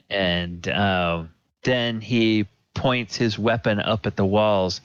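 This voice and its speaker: A man narrating as dungeon master of a tabletop game, slow and halting with plenty of fillers, over a home computer mic in an online session. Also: fairly low pitch, steady tone, clear, resonant tone, no echo. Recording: dull, dry lo-fi audio.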